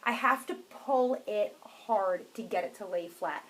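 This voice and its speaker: A woman co-hosting a crafts podcast in casual chat, self-deprecating and quick to laugh. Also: mid-range voice, a bit bright, poor audio. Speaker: podcast co-host.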